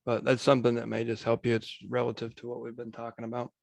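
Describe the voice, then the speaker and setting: A man speaking as a guest coach on a video call, in steady, matter-of-fact coaching talk. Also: mid-range voice, quick pace, creaky, no echo. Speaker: guest real estate coach.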